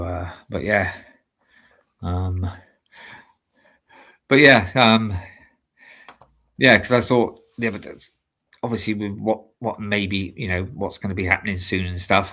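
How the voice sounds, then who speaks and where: A man's voice: low-pitched, steady tone, slow, pauses often, pushed and bright. A man from the UK hosting a live stream show, chatting casually and rambling with many fillers and restarts. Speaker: show host and amateur stage actor. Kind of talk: casual chat.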